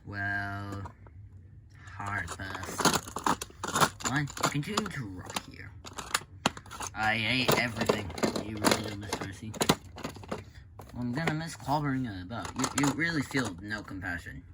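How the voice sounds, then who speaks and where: A man's voice: lowish voice, expressive, measured pace, pauses often. A young man voicing a fan-made cartoon short, sarcastic and rambling, with stammered restarts. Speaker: amateur voice actor. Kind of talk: fan animation voice acting. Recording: loud background noise with typing clicks.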